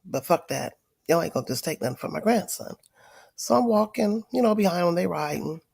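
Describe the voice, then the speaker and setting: A middle-aged woman talks straight to her livestream viewers, spinning an animated story full of swearing. She is sick and wheezing from a cold, and her voice is husky and gravelly. The sound is dry and close. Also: on the low side, brisk, no echo. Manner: profane, emphatic, addresses viewers directly. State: tired. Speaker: livestream host.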